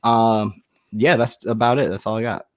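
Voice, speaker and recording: A man co-hosting a casual podcast, hesitant and halting, full of restarts. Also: on the low side, steady tone, dry recording, clean studio sound. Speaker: podcast co-host. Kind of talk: casual chat.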